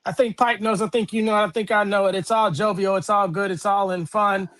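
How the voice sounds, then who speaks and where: A man's voice: high-pitched, fairly even intonation, brisk, a bit bright. A man with a Milwaukee accent co-hosting a casual sports show, slangy, jokey and laid-back. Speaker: podcast co-host.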